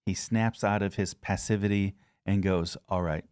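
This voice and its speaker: Guy with a lowish voice reading the bible then chatting about it, dry close sound. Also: little pitch movement, normal speed, a little mellow, smooth, no room sound. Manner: reads aloud then chats conversationally. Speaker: pastor. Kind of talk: scripture reading and discussion.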